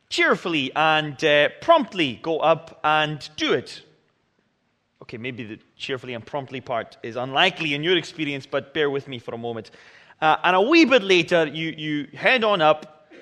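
A man preaching a sermon and reading scripture, earnest and deliberate, moving between emphatic and hushed. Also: on the high side, very animated, big-room sound.

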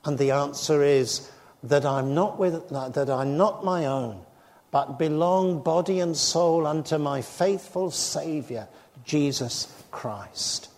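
A man's voice: on the high side, slow, a little mellow. An older man preaching a sermon earnestly, acting out the voices in the stories he tells. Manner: earnest, acts out quoted dialogue. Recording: reverberant hall.

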